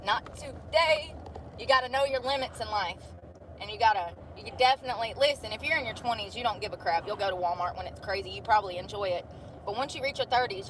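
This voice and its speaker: Woman vlogger in her thirties, mid-pitched, blunt rambling chat, street noise and passing cars behind. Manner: blunt, swearing, rambling storytelling. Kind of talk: casual chat. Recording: noisy outdoor street ambience.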